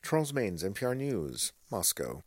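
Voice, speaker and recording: A man filing a radio news report as a correspondent in a steady reporting tone. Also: fairly low pitch, normal speed, no room sound. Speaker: foreign correspondent.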